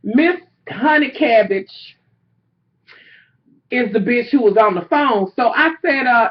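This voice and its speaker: Brief: young woman vlogger, higher voice, loud and animated storyteller, swearing freely, lo-fi sound. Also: moderate pace. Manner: animated, profane, swings between low asides and loud outbursts. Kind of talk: casual storytelling rant.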